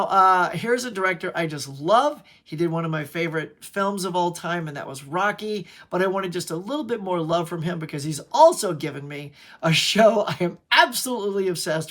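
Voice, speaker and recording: A man's voice: high-pitched, a bit bright. Enthusiastic man rambling about favorite films. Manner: enthusiastic, rambling, self-interrupting. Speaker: movie collector vlogger. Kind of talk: casual chat to camera.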